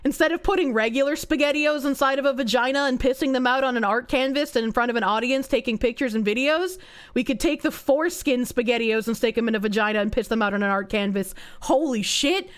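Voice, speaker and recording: Live on stream, a New Jersey-accented woman answers her chat loudly, crudely and with lots of animation, often dissolving into shrieks of laughter. She talks fast in a high-pitched voice.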